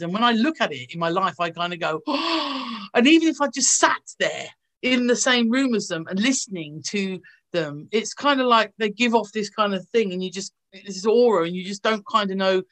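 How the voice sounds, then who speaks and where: An actress in a casual interview, speaking over a video call. She tells stories in a gushing, anecdotal way at an ordinary pitch. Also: animated, moderate pace, a bit bright. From England. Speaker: actress guest.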